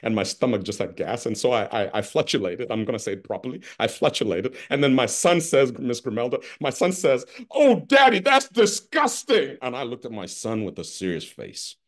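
A middle-aged man giving an expressive conference keynote over a video call, calling on listeners by name. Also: medium pitch, fairly quick, hardly any pauses. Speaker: keynote speaker.

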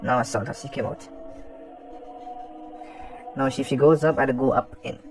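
A man commentating a horror game as he plays, excitable and taunting the monster, with some swearing. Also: mid-range voice, normal speed, soft background music. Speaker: gaming commentator. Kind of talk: let's play commentary.

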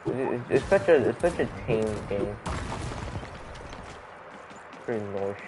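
A man's voice: fairly low pitch, lively intonation, moderate pace, noisy background. A young man streaming a game, chatting casually with friends, laughing often and swearing in joking banter. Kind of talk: casual gaming chat with friends.

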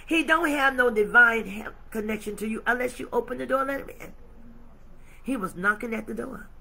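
A woman's voice: fairly high pitch, fairly quick, creaky, bright, forceful tone, slight background noise. A woman pastor preaching emphatically, acting out her dialogue with God. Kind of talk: sermon.

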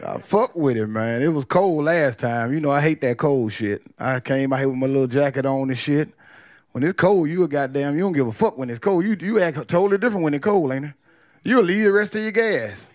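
A man doing a profane stand-up comedy set, telling loose stories with quick character voices. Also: fairly high pitch. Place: comedy club stage with audience. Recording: loud crowd laughter behind.

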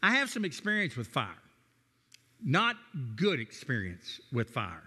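Bright-voiced Southern preacher in his sixties. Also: a little high, huge pitch swings, a little slow, slightly rough, long reverb tail. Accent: Tennessee and Texan Southern American. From Nashville, Tennessee, USA. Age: 60s. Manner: folksy storytelling, self-deprecating humor. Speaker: guest pastor. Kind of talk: sermon.

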